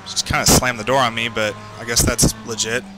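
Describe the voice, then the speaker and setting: A man commentating his own sim race, swearing and yelling at other drivers, his heart racing. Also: medium pitch, level tone, brisk. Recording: game music underneath. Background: game music and engine noise.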